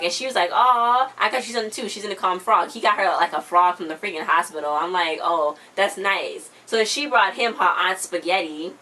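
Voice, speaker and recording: A bright, ringing young woman talks through a TV episode recap in a loose, chatty way. She keeps slipping into quick quoted voices for the characters as she tells the story, in a middle pitch with a clear, lively tone. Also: rough recording. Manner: chatty, retells scenes in quick quoted voices, laughs often. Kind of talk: casual chat recap.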